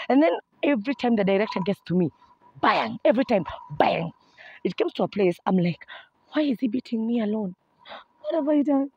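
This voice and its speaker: Young woman, kenyan accent, humorous storytime, animated, dull lo-fi sound. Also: mid-range voice, breathy edge, no echo. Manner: animated, humorous storytelling, addresses viewers as guys. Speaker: vlogger. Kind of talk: storytime vlog.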